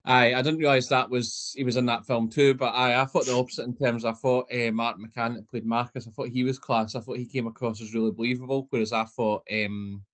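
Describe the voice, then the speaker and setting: A man co-hosting a podcast, giving his movie opinions in an easygoing, measured way with some hesitant fillers. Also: medium pitch, flat delivery, a bit bright. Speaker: podcast co-host. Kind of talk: casual movie review chat.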